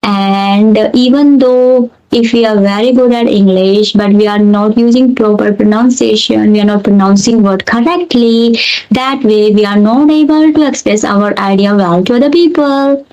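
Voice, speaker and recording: A woman's voice: mid-range voice, moderate pace, darkish tone, highs cut off. A woman with an Indian accent, an English teacher, talking earnestly in a casual conversation and explaining with repeated examples.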